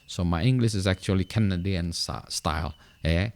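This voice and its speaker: A middle-aged Indonesian man talks in a relaxed vlog monologue in a fairly low voice. He laughs often and drifts back and forth between two languages while telling a joking story. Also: normal speed, vocal fry. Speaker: vlogger. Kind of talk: casual monologue.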